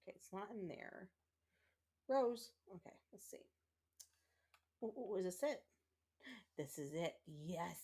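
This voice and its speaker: A woman's voice: medium pitch, animated, measured pace, pauses often, mellow, slightly rough. A woman streaming a game, chatting casually with her viewers and rambling with lots of fillers and restarts. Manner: emotional, tearful thanks to viewers. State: tearing up. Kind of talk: casual livestream chat while gaming.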